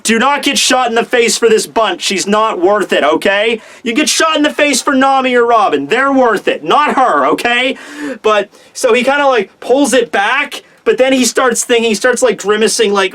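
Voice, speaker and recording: A young man casually reviewing a comic chapter, excitable and profane, acting out the characters' lines. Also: extremely high pitch, moderate pace. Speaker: manga reviewer.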